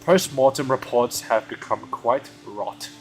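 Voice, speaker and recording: A man streaming a game, reading its dialogue aloud casually with quick asides and stumbles. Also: mid-range voice, soft background music, low-quality recording.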